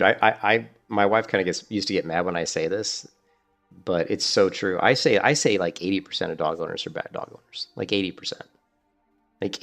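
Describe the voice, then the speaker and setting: A man's voice: low voice, fairly bright tone. A man chatting casually and rambling as he streams a game. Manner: rambling, chatty, restarts a lot. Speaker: gaming streamer. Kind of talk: casual gameplay commentary.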